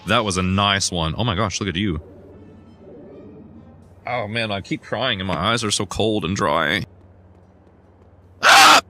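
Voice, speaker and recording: A young man chatting casually while he plays a video game, self-deprecating and given to sudden excited yelps. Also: on the low side, normal speed, pauses often, soft background music. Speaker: gaming streamer. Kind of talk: casual rambling gameplay commentary.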